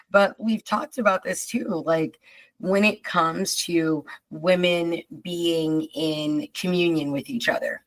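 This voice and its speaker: Expressive woman podcast host. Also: on the low side, rough recording. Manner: emphatic and expressive, drawn-out asides. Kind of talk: casual chat.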